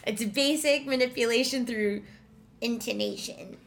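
A woman's voice: a little high, measured pace, creaky, slight background noise. A woman co-hosting a casual podcast chat, playful and teasing, laughing often. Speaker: podcast co-host.

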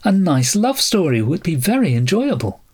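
A man's voice: a little high, very animated, moderate pace, darkish tone, slightly rough, voice pushed up. Man doing a fussy, prim housewife. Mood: coaxing. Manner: fussy, scolding.

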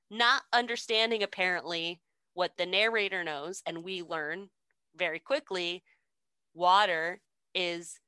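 Bright, sarcastic young woman, dry mic. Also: fairly low pitch, clear, resonant tone, dry recording. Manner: sarcastic, swears freely, laughs often. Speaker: podcast co-host. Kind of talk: casual storytelling recap.

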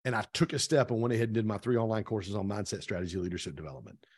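A man's voice: lowish voice, very fast. A man being interviewed on a podcast, energetically recounting events and acting out quoted dialogue as he goes. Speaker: podcast guest, real estate team owner. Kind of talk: animated storytelling in conversation.

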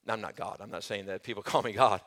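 A middle-aged man preaching a sermon as pastor, telling stories animatedly and swinging between loud and soft. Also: on the low side, fast.

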